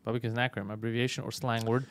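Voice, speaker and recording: A man's voice: mid-range voice, level tone, racing. A man hosting a comedy podcast in casual banter, swearing constantly and ranting with rising heat.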